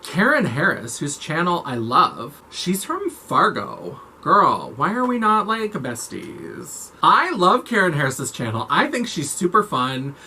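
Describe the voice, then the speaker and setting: Brief: man vlogger, campy chatty delivery, bright forward tone, slightly raised pitch, faint noise under it. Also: wildly swooping pitch, measured pace, hardly any pauses. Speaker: makeup vlogger. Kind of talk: casual chat to camera.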